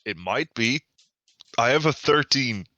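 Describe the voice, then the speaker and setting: A man's voice: medium pitch, lively intonation, a little slow, pushed and bright, no echo, dull audio. A man playing a tabletop game, making wry, dry asides. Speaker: player.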